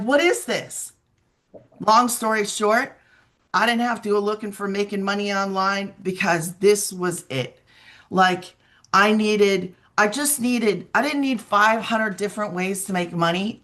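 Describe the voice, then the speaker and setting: A woman in her forties, a mother, sharing a personal testimonial on a video call, telling it in an animated way with emphatic repeats. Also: mid-range voice.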